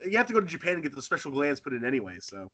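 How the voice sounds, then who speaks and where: Animated, lively-pitched man telling stories. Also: rapid-fire, husky. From Northern Maine. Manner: animated storyteller, chuckles often. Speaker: pro wrestler guest. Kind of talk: casual interview chat.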